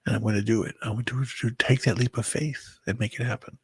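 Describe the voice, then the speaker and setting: A very tired man talking to his viewers in a halting personal monologue, often stumbling and restarting his words. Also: medium pitch, fairly even intonation, slight background noise. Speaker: vlogger. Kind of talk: rambling personal monologue to camera.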